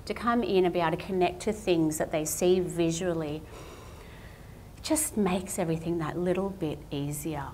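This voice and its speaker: A woman's voice: lowish voice, steady tone, moderate pace, mellow, slight background noise. A woman giving a public talk as a guest artist, telling her story in a candid, self-deprecating way. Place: talk venue at a justice centre.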